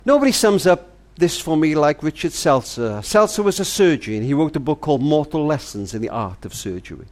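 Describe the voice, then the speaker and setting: A man's voice: a little high, lively intonation, fairly quick, few pauses, a little mellow. An older man giving a tender, earnest, grandfatherly monologue, speaking as if to his granddaughter. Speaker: family charity speaker. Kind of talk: heartfelt spoken monologue to a granddaughter.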